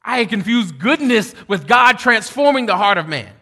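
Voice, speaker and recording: Pastor preaching in a reverberant hall. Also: male voice, high voice, sing-song, normal speed, slightly rough. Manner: swings from loud preaching to quiet storytelling. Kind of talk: sermon.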